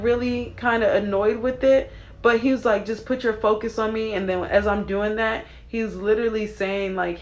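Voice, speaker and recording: A woman's voice: mid-range voice, rough recording. A young adult woman talking casually and earnestly to her viewers, giving a spiritual reading with many fillers and asides. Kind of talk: casual devotional talk to viewers.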